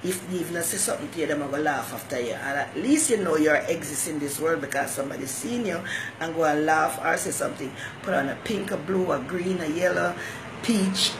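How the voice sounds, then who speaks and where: A woman with a low-sitting voice runs her own talk show as a relaxed live-stream monologue. She hands out homespun, motherly advice and welcomes viewers by name, with noise audible in the background.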